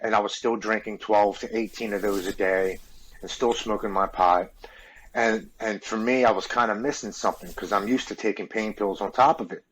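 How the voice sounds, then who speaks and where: A man's voice: fairly low pitch, fairly even intonation, normal speed, fairly bright tone, low-quality recording. A man in his forties from the United States, a podcast guest earnestly and openly telling a personal story. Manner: earnest, open, repeats words when moved.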